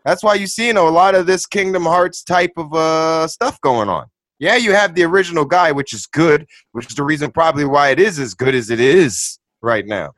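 A man in casual conversation with a lively, swooping pitch and an emphatic, joking manner. He laughs easily and leans on "man" and "dude" as he talks. The recording is dry and close, with little room sound. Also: fairly quick, no room sound. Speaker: podcast co-host. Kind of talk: casual chat.

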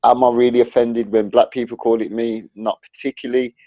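A man's voice: medium pitch, flat delivery, fairly quick, dark tone, no room sound. A man hosting a casual discussion, thinking aloud in a rambling way. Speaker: podcast host. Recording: dull lo-fi audio.

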